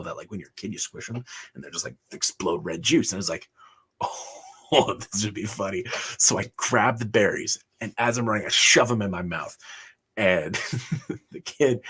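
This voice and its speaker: A man's voice: fairly low pitch, sharp tone, slightly rough. A man on a livestream, telling his life story casually, chuckling often and rambling with fillers. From Canada. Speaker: livestream host.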